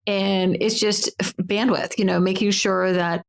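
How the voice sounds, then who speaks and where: A woman in her forties co-hosting a podcast, chatty and easygoing, thinking out loud in a casual conversation. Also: medium pitch, fairly even intonation, unhurried, vocal fry. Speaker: podcast co-host, business owner.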